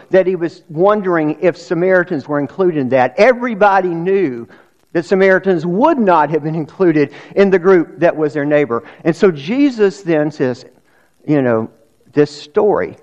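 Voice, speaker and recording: A man's voice: fairly high pitch, a little mellow, muffled recording. A male pastor preaching a sermon in a conversational way, with restarts and rhetorical questions.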